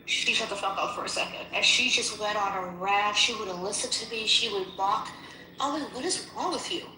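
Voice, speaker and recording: A woman's voice: medium pitch, moderate pace, sharp tone, slight background noise. A woman telling a story in casual chat, heated and profane. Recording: echoey room.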